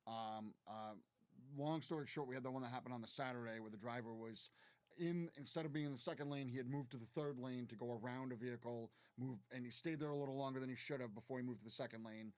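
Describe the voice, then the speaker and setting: A mid-pitched man talks quickly in casual live-stream chat, filling in the details of workplace incidents. He often chimes in on his co-host's stories. His voice sounds close and dry. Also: a little mellow, no room sound.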